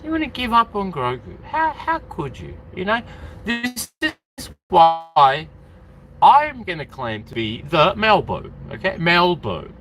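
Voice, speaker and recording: A man's voice: high voice, very animated, slow pace. A man from Australia chatting casually on a live stream, rambling and calling out to viewers by name.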